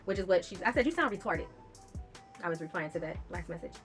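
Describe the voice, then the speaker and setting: A woman's voice: on the low side, expressive, fast talker, soft background music. A young woman, telling a personal story in a casual storytime vlog, blunt and profane, reading out text messages with bursts of laughter.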